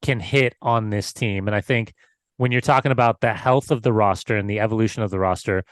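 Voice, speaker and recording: A man's voice: fairly low pitch, a little fast, no echo. A man co-hosting a casual football podcast, teasing and analytical, given to repeating his phrases. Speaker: podcast co-host.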